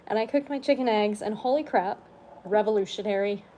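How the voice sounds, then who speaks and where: A woman's voice: mid-range voice, brisk, slight background noise. A woman chatting on a casual livestream, tired and under the weather, rambling and yawning. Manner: rambling, yawning, soft-spoken asides. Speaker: vlogger on a livestream.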